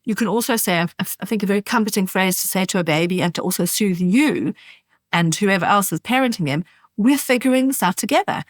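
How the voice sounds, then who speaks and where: A middle-aged woman hosting a solo podcast, coaching listeners gently and softening her voice when she models soothing words for babies. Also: medium pitch, fairly quick, no echo, studio quality. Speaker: podcast host. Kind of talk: solo podcast advice talk.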